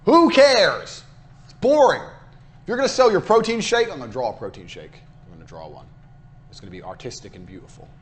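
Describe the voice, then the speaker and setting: A man's voice: on the high side, wildly swooping pitch, brisk, slight background noise. Brash, profane man lecturing on business. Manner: brash, profane, hard-selling; repeats points for emphasis. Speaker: business course instructor.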